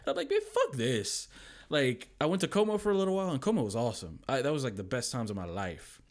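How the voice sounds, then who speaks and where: A young man telling stories as a podcast guest, lively and quoting people in put-on voices. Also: mid-range voice, very fast. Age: young adult. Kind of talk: casual storytelling chat.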